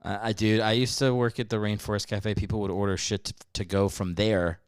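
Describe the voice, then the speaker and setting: A man guesting on a comedy podcast, trading playful deadpan quips. His voice sits fairly low. The sound is close and dry, with no room tone at all. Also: fairly quick, smooth, no room sound. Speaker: podcast guest, actor and writer. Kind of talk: casual comedic banter.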